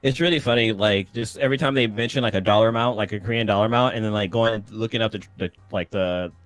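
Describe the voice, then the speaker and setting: A man's voice: on the low side, fast, dry recording. A man co-hosting a casual livestream chat, talking in a loose way and laughing easily. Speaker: podcast co-host.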